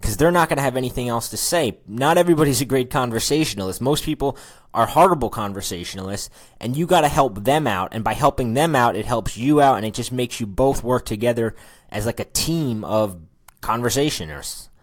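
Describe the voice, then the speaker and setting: A man's voice: mid-range voice, lively intonation, a little fast. Chatty man coaching conversation. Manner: casual and chatty, acts out sample lines. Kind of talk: recorded course lesson.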